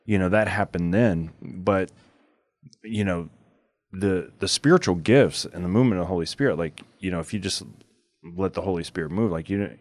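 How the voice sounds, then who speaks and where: A man's voice: low-pitched, a little fast, a little mellow, no echo. A man hosting a podcast in casual chat, telling stories loosely with many filler words. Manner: rambling, full of filler words. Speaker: podcast host.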